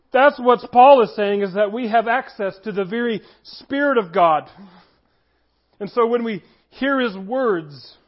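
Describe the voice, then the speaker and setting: A man preaching a sermon as pastor, earnest, slowing down to stress key phrases. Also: sits high, muffled recording.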